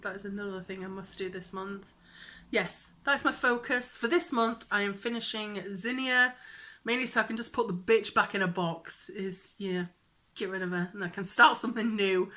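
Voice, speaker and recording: A young woman chatting casually in a craft vlog, giggly and rambling, sometimes dropping into a whisper. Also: medium pitch. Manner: chatty, giggly, drops into whispers when excited. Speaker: cross-stitch vlogger.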